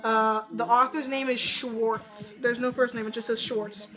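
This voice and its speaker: A woman's voice: a little high, level tone, measured pace, a bit bright. A young adult woman vlogging casually to camera, telling a story in a rambling way with lots of fillers.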